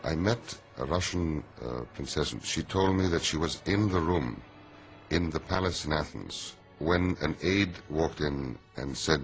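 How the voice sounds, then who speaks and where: Very deep male interviewee, unhurried anecdotes, faint music behind. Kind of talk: interview recollection.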